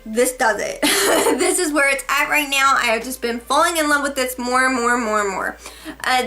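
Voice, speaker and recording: A woman's voice: sits high, sharp tone. A woman beauty vlogger reviewing her favorite products in a casual, gushing, chatty way, correcting herself as she goes.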